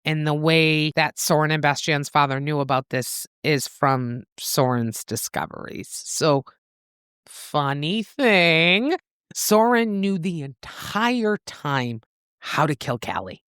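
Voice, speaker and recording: A woman with a lower voice recaps a novel's plot with lively, profane storytelling. The sound is close and dry, with no room around her. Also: takes it slowly, clean tone, no echo. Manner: animated storytelling, swears freely. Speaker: podcast co-host. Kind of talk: casual book-club recap.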